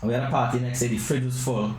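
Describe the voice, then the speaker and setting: A man's voice: mid-range voice, quick pace, a little hiss or hum. Rambling man telling comic stories. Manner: rambling, animated anecdotes. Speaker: podcast host. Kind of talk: comedic storytelling. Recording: roomy echo.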